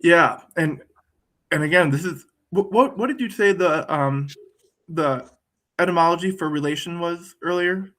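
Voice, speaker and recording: A man's voice: fairly high pitch, moderate pace, fairly bright tone. A man talking in a thoughtful, conversational way, often repeating words while he searches for them. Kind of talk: reflective conversational talk.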